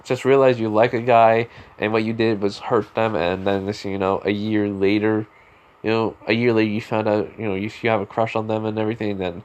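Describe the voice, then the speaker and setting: A man's voice: lowish voice, level tone, fairly quick, highs cut off, close to an everyday voice. A man voicing a sympathetic teenage girl hero in a spoken fan story, talking frankly in a rambling way with many fillers, close to his own voice.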